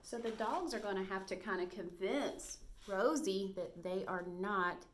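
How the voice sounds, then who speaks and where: A woman teacher leads a reading lesson for small children on video. She talks slowly and encouragingly, sounding out each word with care. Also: medium pitch, noisy background. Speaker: first grade teacher.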